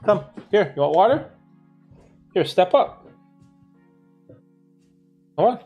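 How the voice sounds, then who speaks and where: A man hosting a casual livestream, laid-back and playful with slangy banter, gentle when he talks to young children. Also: high voice, big pitch swings, slow pace, lo-fi sound, soft background music. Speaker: livestream host.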